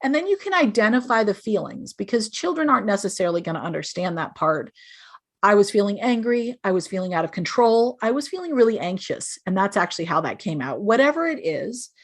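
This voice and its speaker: A woman's voice: mid-range voice, very animated, brisk. A woman speaking as a podcast guest, giving earnest, explanatory parenting advice and acting out sample phrases parents might say. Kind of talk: podcast interview.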